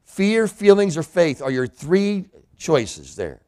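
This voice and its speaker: A man's voice: fairly high pitch, huge pitch swings, takes it slowly, dark tone. A man preaching a sermon in a church, a pastor and hospital chaplain who acts out the voices of people in scripture.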